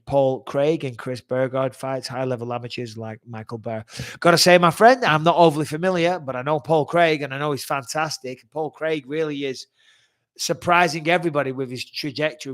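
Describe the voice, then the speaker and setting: A man in his forties hosting a live fan chat, reading out fan questions and answering in a blunt, chatty way, swearing freely and sounding like he's getting over a cold. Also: fairly high pitch. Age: 40s. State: recovering from a cold-like illness.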